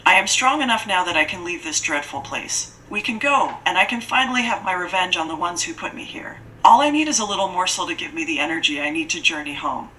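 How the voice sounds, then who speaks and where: A woman's voice: on the low side, animated, fast, few pauses, far from the mic, slight background noise, rough recording. Woman voicing a vengeful spider-monster lady. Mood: scheming. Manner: menacing, scheming, erupts into shouting rage. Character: vengeful female spider-monster mistress in a cave. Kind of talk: audiobook character voicing.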